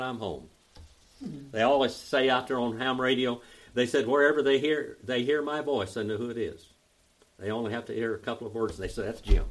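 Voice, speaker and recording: A man's voice: mid-range voice, fairly bright tone. Folksy older Oklahoma man teaching. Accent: Oklahoma Southern. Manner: folksy, drawling, spells out grammar slowly. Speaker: Bible teacher. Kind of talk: teaching a Greek Bible study.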